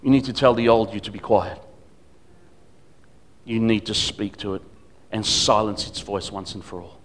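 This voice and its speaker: A man preaching as a guest speaker at a church service, emphatic, swinging between loud declarations and quiet asides. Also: lowish voice, normal speed. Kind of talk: sermon.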